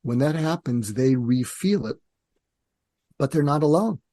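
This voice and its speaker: An older man, a psychiatrist guest, explaining calmly and in a measured way in an interview, sometimes acting out dialogue. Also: mid-range voice, no room sound, clean studio sound. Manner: calm, measured, acts out parent and teen dialogue.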